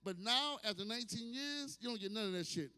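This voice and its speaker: Doing a stand-up set in a distillery bar with a live audience, a New Orleans man in his fifties speaks in a high, expressive, smooth voice at a fairly quick clip. Loud, brash and profane, he lets out sudden shouts and acts out asides. The club room gives the sound a hall reverb.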